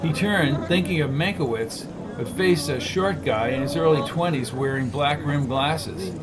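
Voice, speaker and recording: A man narrating a story in a steady, scripted reading. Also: fairly high pitch, measured pace, over a noisy crowd. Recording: noisy recording.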